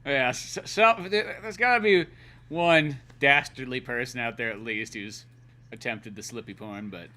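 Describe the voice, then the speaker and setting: A man co-hosting a casual podcast, talking in an animated way, swearing often and slipping into goofy voices. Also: medium pitch, unhurried. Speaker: podcast co-host.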